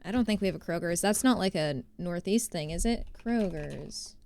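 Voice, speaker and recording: A woman's voice: fairly low pitch, brisk, darkish tone. A young woman from New Jersey, streaming and chatting casually with her viewers, rambling with lots of fillers. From New Jersey, USA. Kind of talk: casual chat reading viewer messages.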